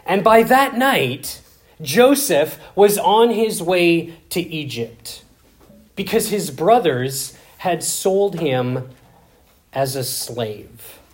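A man preaching a sermon, reading scripture aloud with dramatic swings between loud emphasis and hushed asides. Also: on the high side, expressive, drawn-out words.

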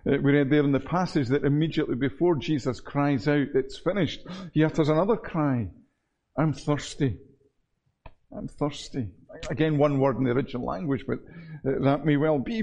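Earnest preaching man, mellow voice. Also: on the high side, muffled recording. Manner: earnest, measured preaching with repetitions. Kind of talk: sermon.

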